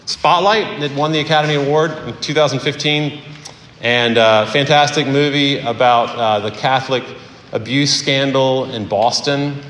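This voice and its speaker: A man preaching a sermon as pastor in a conversational way, with fillers and pauses. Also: mid-range voice, fairly bright tone, slight background noise. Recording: echoey hall.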